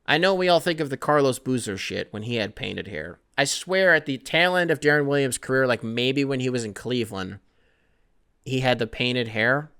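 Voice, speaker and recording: A man's voice: mid-range voice, expressive, moderate pace, bright, forceful tone, clean tone. A male podcast host in easygoing conversational mode, reading and answering listener mail. He drifts from one thought to the next with a scattered, rambling delivery. His talk is casual and peppered with profanity. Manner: loose, rambling and profane, self-described scatterbrained.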